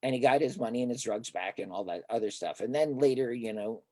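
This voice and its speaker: A man's voice: medium pitch, fairly quick, no room sound. An older man, a therapist, telling stories in a conversational interview and acting out the dialogue of the people in them. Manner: animated storyteller who acts out quoted dialogue.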